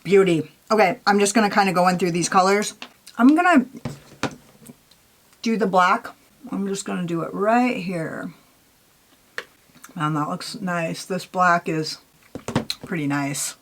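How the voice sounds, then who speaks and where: A woman's voice: fairly low pitch, steady tone, measured pace, long pauses, a little hiss or hum. A young woman vlogging a makeup tutorial in a chatty, candid way, swearing casually and saying "like" a lot. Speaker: beauty vlogger.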